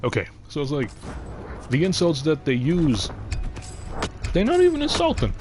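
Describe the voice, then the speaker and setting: A young man with a deep voice, chatting casually on a game livestream and rambling from thought to thought with frequent restarts. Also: wildly swooping pitch, moderate pace, darkish tone, slight background noise. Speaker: game streamer.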